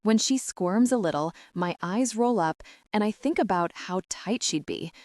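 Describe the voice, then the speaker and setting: A woman's voice: medium pitch, animated, normal speed, darkish tone, dry recording, clean studio sound. A woman narrating a first-person romance audiobook in an emotional, dramatic reading.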